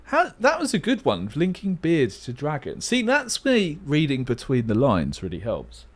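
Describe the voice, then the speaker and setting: A man's voice: fairly high pitch, huge pitch swings, normal speed. A young man hosting a casual livestream, muttering word guesses aloud with playful, self-mocking asides. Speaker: livestream host. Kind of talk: casual livestream chat while playing a word game.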